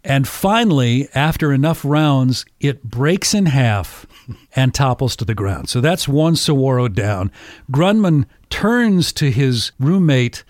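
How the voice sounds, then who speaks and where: A male podcast host telling a story casually, animated and often laughing. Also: medium pitch, slow pace, no room sound, studio quality.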